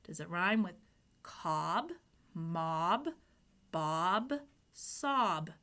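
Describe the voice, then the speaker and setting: A woman teaching young children to read, spelling out letters one by one and sounding out each word. She talks at a slow, unhurried pace with a bright, forward tone. She prompts the children with gentle questions as she goes. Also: fairly low pitch, lively intonation. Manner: speaks to the children, asking questions and prompting answers. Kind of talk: phonics lesson for young children.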